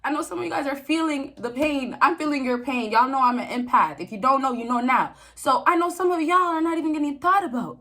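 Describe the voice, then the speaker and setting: A woman's voice: high-pitched, fast talker, hardly any pauses, bright, forceful tone. A young woman giving relationship advice to men in a casual, preachy vlog, repeating herself for emphasis and laughing often. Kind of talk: casual direct-to-camera advice talk.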